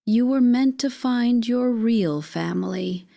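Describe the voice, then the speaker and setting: A woman voicing a manipulative female therapist who speaks softly and condescendingly in a calm, soothing manner. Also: on the high side, takes it slowly, gravelly. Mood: coaxing.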